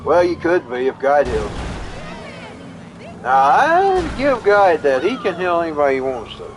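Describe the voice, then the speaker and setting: A man with a fairly high voice and huge pitch swings speaks at a normal speed against background noise. Live streaming, he tells a long personal story in a rambling, folksy way, often repeating himself and restarting his words.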